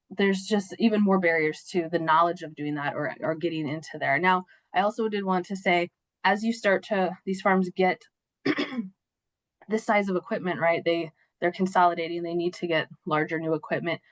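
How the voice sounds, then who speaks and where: A woman's voice: fairly low pitch, fairly even intonation, normal speed, no room sound. A woman presenting slides in a webinar, talking conversationally with fillers and tag questions while losing her voice. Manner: conversational, with frequent fillers and "right?" asides. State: losing her voice, clearing her throat. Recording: dull, dry video-call audio.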